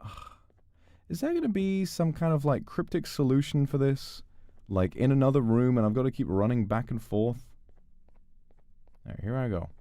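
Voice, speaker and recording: A male streamer giving animated gameplay commentary, swearing and yelling at the game. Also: medium pitch, moderate pace, long pauses, no room sound, clean studio sound.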